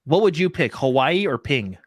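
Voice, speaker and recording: A man co-hosting a casual gaming podcast, relaxed and full of fillers. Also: a little high, moderate pace, slightly rough, dry recording, studio quality. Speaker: podcast co-host.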